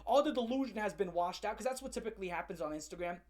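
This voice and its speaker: A woman's voice: mid-range voice, animated, racing, a little mellow. A woman hosting a comedic rant, sarcastic, profane and mocking. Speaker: online commentary host.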